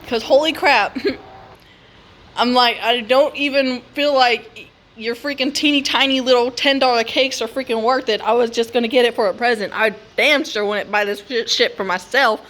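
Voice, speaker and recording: A young woman chatting casually at home, ranting and telling stories in an animated way with lots of mild swearing and laughter. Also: on the high side, normal speed, rough recording. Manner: animated, swears and laughs a lot, acts out quotes. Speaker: vlogger. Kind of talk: casual complaining chat. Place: home, on the couch.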